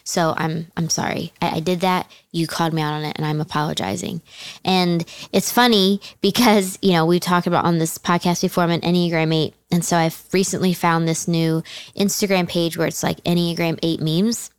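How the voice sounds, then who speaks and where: A middle-aged woman speaks in a lowish voice with a dry, close sound. Her talk is candid and self-deprecating, and she laughs often. It feels like a relaxed church podcast chat. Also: fairly quick, clear, resonant tone, dry recording. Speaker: church women's teaching team member. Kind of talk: casual podcast conversation.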